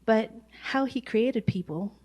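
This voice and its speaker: A woman's voice: fairly high pitch, slow pace, darkish tone. A woman giving a short personal talk in a plainspoken, wry storytelling manner.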